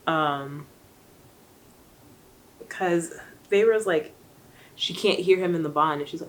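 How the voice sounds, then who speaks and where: A young woman with a low voice speaks slowly, with long pauses, on a low-quality recording. She's a book vlogger rambling through a casual recap, chatty and full of fillers and asides.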